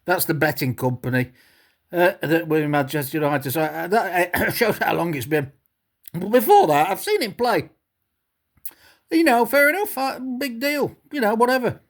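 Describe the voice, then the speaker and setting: Vlogger, woman, scornful sweary rant with a very lively, swinging pitch. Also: moderate pace. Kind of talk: ranting commentary vlog.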